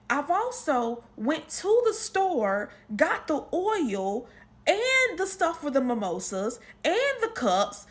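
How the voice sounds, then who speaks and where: A woman with a high voice tells a casual family story straight to her viewers. Her pitch swings widely as she slips in and out of quoted dialogue. Her talk is slangy and animated. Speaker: storytime creator.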